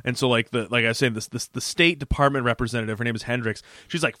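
A man's voice: mid-range voice, fast talker, no echo. A man co-hosting a podcast, casually recapping a TV episode and acting out the characters' lines. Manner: animated retelling, acts out quotes in character voices. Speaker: podcast co-host.

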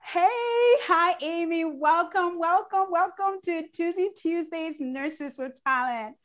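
A woman hosting a casual online chat show, effusive and gushing with excitement about her guest. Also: very high voice, takes it slowly. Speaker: show host.

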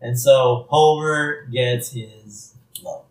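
A man's voice: medium pitch, fairly even intonation, drawn-out words. Brief: male co-host, chatty and easygoing, recorded far from the mic in a roomy space. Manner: chatty, laughs often, acts out quoted lines. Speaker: podcast co-host. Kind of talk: casual episode recap chat.

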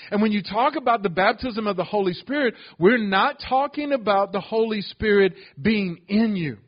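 A man's voice: sits high, animated, moderate pace, lo-fi sound. A man preaching a sermon as pastor, calling out to the congregation as he teaches. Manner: preaching with call-outs to the congregation.

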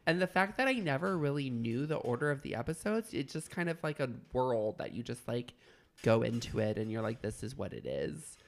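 A woman in her thirties co-hosting a casual podcast chat, blunt and quick to swear, with a few hesitant fillers. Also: very deep voice, lively intonation, a little mellow. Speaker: podcast co-host.

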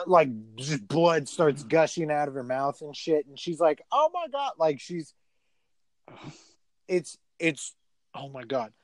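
A fairly high-voiced man chatting loosely about a film he just watched, swearing freely and padding his sentences with "like" and "um." The sound is dry and close, with no room around him. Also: a little mellow, dry recording. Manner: rambling and profane, heavy filler words. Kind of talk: casual movie review chat.

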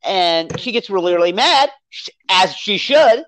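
A podcast co-host in a casual movie review chat, rambling and animated as they recount the plot. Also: medium pitch, a little slow, no echo. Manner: rambling, animated, acts out character quotes.

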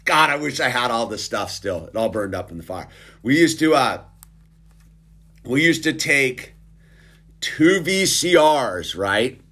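A man's voice: medium pitch, very animated, measured pace, pauses often, bright, forceful tone, breathy edge. A middle-aged man in a casual, rambling, sarcastic monologue, often restarting and calling the listener dude. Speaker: commentator.

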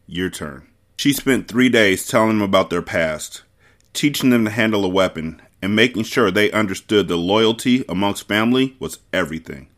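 A man hosting a book podcast, reading a novel aloud with measured, expressive narration. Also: fairly low pitch.

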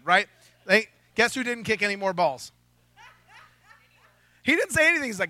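A man's voice: high voice, big pitch swings, moderate pace, long pauses, bright, forceful tone, no echo. A pastor preaching a sermon to his congregation, joking and talking casually, often asking the crowd "right?". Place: church hall with a congregation.

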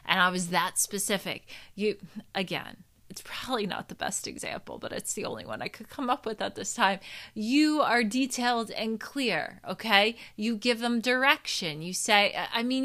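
A woman from New Jersey talks straight to her listeners in a casual self-help monologue, candid and willing to swear. Her voice is bright and crisp, and her Jersey accent comes through plainly. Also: medium pitch, animated, normal speed. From New Jersey, USA. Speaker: personal growth host.

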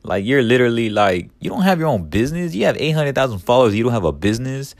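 A man's voice: mid-range voice, very animated, quick pace, no room sound. A man hosting a podcast in a casual, rambling monologue, profane and full of "like" and "man", with heated bursts of ranting. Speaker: podcast host.

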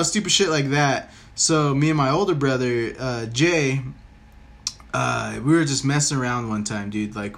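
A man's voice: medium pitch, a bit bright. A man hosting a podcast, telling a rambling story in casual chat and swearing freely. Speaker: podcast host.

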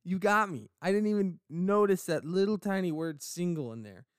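A man's voice: high-pitched, expressive, normal speed, no echo. A man co-hosting a casual podcast, joking and rambling playfully on a close mic. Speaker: podcast co-host.

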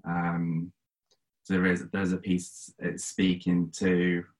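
Male host, low voice, encouraging, hesitant questions. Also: completely flat delivery, slow pace, rough recording. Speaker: interview host. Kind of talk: casual interview conversation. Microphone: video call.

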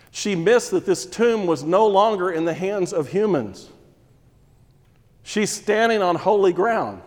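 A man preaching a sermon, expounding scripture and dropping to hushed emphasis at key points. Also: on the high side, in a large hall. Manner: expository preaching, voices Mary's distress, drops to hushed emphasis.

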